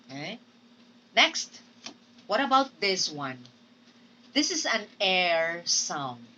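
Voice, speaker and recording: A woman with a lowish yet bright, forceful voice teaches pronunciation at a very slow, careful pace. She models example words and keeps checking in with her listeners. She is heard from a distance from the mic, with faint noise behind her. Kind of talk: recorded phonetics lesson.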